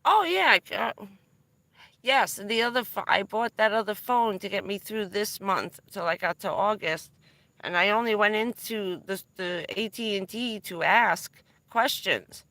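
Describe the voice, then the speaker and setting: A middle-aged New Jersey woman chats casually on a vanlife live stream from in or around her van, spinning rambling, excitable stories with the occasional swear word. Her voice is medium-pitched and a little slow, with no echo.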